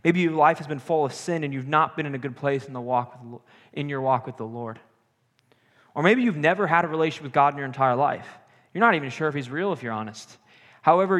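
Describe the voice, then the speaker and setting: A young man delivers a sermon, telling a personal story in an animated way with self-deprecating humor. His voice sits a little high. The long reverb of a large hall trails each phrase. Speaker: preacher.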